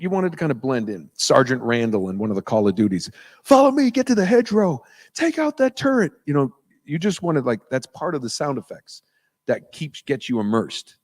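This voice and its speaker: An American man, a voice actor guest at a convention panel, telling lively stories and slipping into voices in an auditorium. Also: on the low side. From United States. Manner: animated storyteller, slips into voices and impressions.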